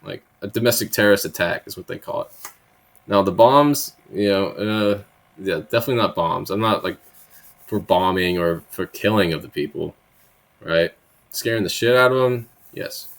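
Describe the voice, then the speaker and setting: A man's voice: fairly low pitch, normal speed. A man hosting political commentary, reading bill text aloud and then riffing on it in a blunt, profane, sarcastic way, often tagging his points with "right?". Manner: frequent tag questions, conversational asides.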